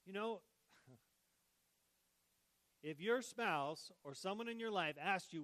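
A man preaching a sermon as pastor, swinging between hushed tender lines and loud, joking bursts. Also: high voice, slow pace, pauses often, no room sound, poor audio. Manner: animated, shifts between hushed and loud, jokes.

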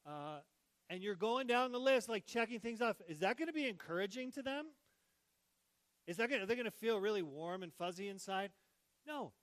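A man preaching a sermon as pastor, swinging between hushed tender lines and loud, joking bursts. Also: high voice, normal speed, dry recording, poor audio. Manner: animated, shifts between hushed and loud, jokes.

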